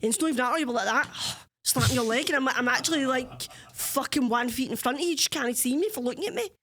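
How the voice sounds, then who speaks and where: A Scottish woman co-hosting a podcast, telling stories in casual chat, animated and swearing freely. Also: high voice, quick pace. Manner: animated storytelling, swears freely, imitates others. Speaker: podcast co-host.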